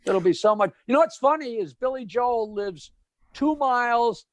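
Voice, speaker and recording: A man, a comedian guest, telling jokes in quick, punchy casual chat. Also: extremely high pitch, lively intonation, dry recording. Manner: rapid, punchy storyteller, laughs at his own punchlines.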